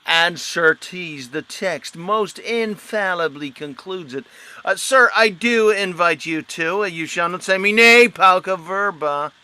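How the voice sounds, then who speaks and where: An actor playing a pedantic, wordy schoolmaster in a live-streamed Shakespeare reading, with pompous Latin-sprinkled flourishes. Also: male voice, sits high, slow, pushed and bright, clean tone, heavily acted. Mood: grandly polite.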